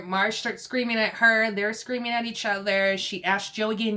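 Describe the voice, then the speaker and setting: A woman's voice: fairly high pitch, steady tone, normal speed, bright, forceful tone. A woman casually recapping a reality TV episode, chatty and laughing often as she acts out the quotes. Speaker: TV recap host.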